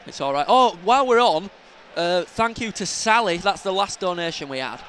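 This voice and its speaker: Excitable man hosting a football podcast. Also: sits high, moderate pace, a little hiss or hum. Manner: excitable, shouts during attacks, banter. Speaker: podcast host. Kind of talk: casual football fan commentary.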